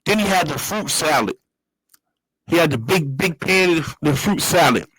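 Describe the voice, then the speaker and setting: Casting: man, raised-pitch voice, streetwise slang, repetitive casual storytelling, dry close mic. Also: expressive, moderate pace, a bit bright, husky, no echo, low-quality recording. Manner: streetwise slang, repeats phrases, loose storytelling. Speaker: show host. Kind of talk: casual monologue.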